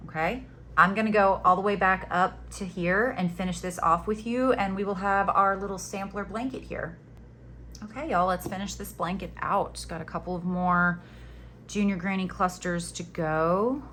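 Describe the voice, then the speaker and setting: A woman's voice: medium pitch, steady tone, moderate pace, a bit bright, slight background noise. A woman from the Florida Panhandle with a light Southern accent, chatting her way through a crochet tutorial step by step and throwing in jokes along the way. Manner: chatty, joking asides, guides step by step. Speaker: crochet instructor.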